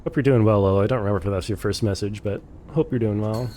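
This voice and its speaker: A man's voice: on the low side, fast talker, mellow, a little hiss or hum. A man streaming a game, chatting casually with viewers, sarcastic and swearing freely. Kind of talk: casual live game commentary. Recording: game music playing behind the voice.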